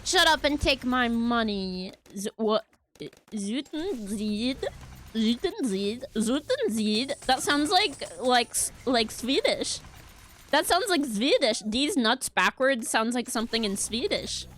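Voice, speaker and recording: Bubbly high-voiced woman streamer. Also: sing-song, slow, fairly bright tone, slight background noise. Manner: bubbly, playful, talks to chat and teammates with silly bits. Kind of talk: casual gaming livestream chatter.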